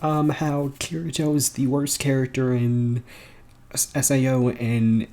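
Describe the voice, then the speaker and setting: A young man rambling excitedly about video games in a casual home vlog, laughing often and swearing casually. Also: mid-range voice, a little slow. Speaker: gaming vlogger. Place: bedroom at home.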